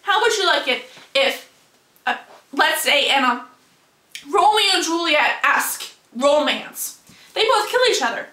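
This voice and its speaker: A woman's voice: sits high, animated, unhurried, pauses often, pushed and bright, roomy sound. A young woman giving an indignant, heated rant in a video monologue, firing off rhetorical questions. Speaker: vlogger.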